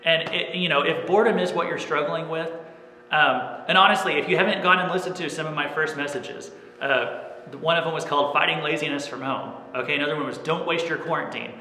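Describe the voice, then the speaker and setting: A man's voice: on the high side, brisk, sharp tone, slight background noise. A man preaching a sermon as pastor, earnest and plain, often checking in with "okay?". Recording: echoey room with long reverb.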